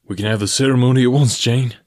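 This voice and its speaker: A man's voice: medium pitch, fairly even intonation, quick pace, voice pushed up, natural voice. A man voicing a brusque, domineering young male suitor in an audiobook. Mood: insistent. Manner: brusque, demanding.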